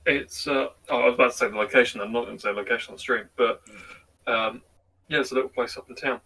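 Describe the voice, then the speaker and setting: Give me a husky young man, a bit off-mic. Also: medium pitch, steady tone, quick pace, pushed and bright, far from the mic, poor audio. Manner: rambling, hesitant with ums. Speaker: podcast co-host. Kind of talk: casual chat with friends.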